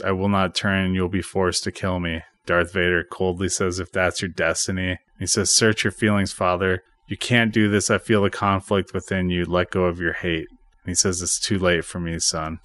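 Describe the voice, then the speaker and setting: Low-voiced man recapping a film. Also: normal speed, no room sound, studio quality. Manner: retells scenes, quoting dialogue flatly. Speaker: podcast host. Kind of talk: casual movie recap.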